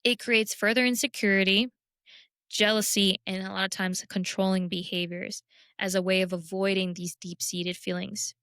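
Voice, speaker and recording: A young woman talks through self-help topics in a candid, conversational way, often poking fun at herself. Her voice is smooth and resonant. It is recorded close and dry, with almost no room sound. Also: medium pitch, flat delivery, moderate pace, a bit bright, no echo. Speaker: podcast host. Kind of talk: casual self-help talk.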